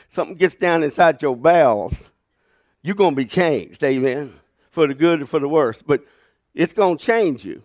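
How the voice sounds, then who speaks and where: A man, preaching as a pastor and telling a funny story in a folksy, animated way. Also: a little high, normal speed, no room sound, studio quality. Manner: folksy, animated storyteller who laughs through his stories. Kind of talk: sermon with storytelling. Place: church sanctuary.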